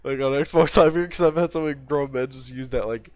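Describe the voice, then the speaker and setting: A man's voice: medium pitch, brisk, no echo. Rambling, profane young man streamer. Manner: rambling, profane, full of restarts. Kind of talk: casual livestream chat.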